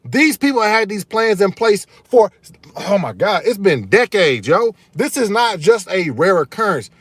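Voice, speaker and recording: This channel host is live, speaking in a high, sing-song, somewhat bright and husky voice at an unhurried pace, with no room sound. He's fired-up and emphatic, repeating key phrases and calling his audience y'all.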